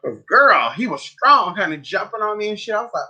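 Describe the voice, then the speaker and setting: A man's voice: a little fast, slightly rough, muffled recording. A man livestreaming as a spiritual advisor, chatting casually and sassily with viewers, calling them honey and girl. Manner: animated storyteller with big pitch swings.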